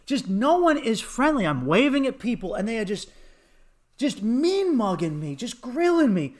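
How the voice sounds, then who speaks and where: A man's voice: extremely high pitch, big pitch swings, moderate pace. A man hosting a comedy podcast, telling a profane story with lots of laughter and acted quotes.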